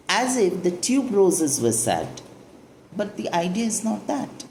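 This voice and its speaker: A woman's voice: mid-range voice, animated, unhurried, a little mellow, a little hiss or hum. A woman teaching a poetry lesson, explaining the lines and asking and answering her own questions. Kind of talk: literature lesson explaining a poem.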